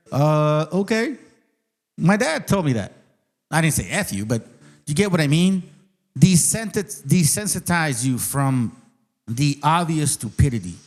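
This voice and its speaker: A man's voice: mid-range voice, a little mellow. A man hosting his own channel, giving a heated, profane rant of commentary straight to his viewers. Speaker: channel host. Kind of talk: ranting commentary on a clip.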